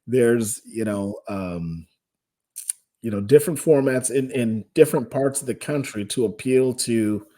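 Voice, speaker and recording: A man from the US Midwest speaks in a mid-pitched, even voice. As a radio sales director, he explains the business in a measured, informative manner. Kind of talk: interview conversation.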